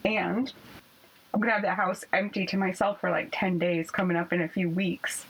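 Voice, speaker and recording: Husky-voiced woman telling candid stories. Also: fairly low pitch, little pitch movement, normal speed, rough recording. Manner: chatty, candid storyteller. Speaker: podcast co-host. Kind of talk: casual chat.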